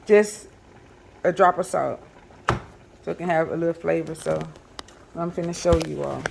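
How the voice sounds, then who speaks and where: A woman's voice: fairly low pitch, fairly even intonation, moderate pace, vocal fry, noisy background. A woman, chatting casually to viewers while she cooks in her home kitchen, with lots of fillers. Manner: chatty, talks to viewers as y'all, many fillers. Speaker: home cooking vlogger. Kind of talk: casual kitchen vlog chat.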